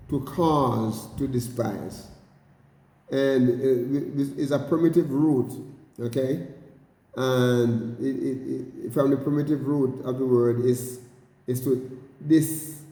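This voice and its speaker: A man teaching a bible study, speaking haltingly with many repeated words and addressing his listeners as brothers and sisters. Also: medium pitch, dark tone. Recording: roomy hall with long reverb.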